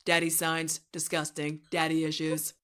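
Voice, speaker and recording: A boastful, blustering politician, as a woman puts him on for laughs, speaking in short blunt sentences that sit fairly low. The talk is comedic podcast banter and stays brash throughout. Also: monotone, normal speed, fairly bright tone.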